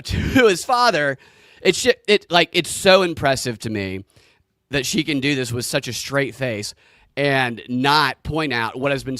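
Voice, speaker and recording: A man's voice: mid-range voice, pushed and bright, no room sound, studio quality. A man with a Southern US accent co-hosting a podcast, joking and laughing at his own lines in casual commentary. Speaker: podcast co-host.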